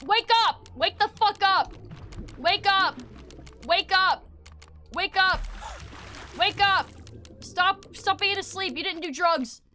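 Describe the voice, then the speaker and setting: A woman putting on a whiny, bratty southern kid boy who nags his mom loudly, as a comedic voice while streaming a game. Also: high voice, moderate pace, slight background noise. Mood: bossy yelling. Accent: Southern US, put on. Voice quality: whiny, loud and demanding.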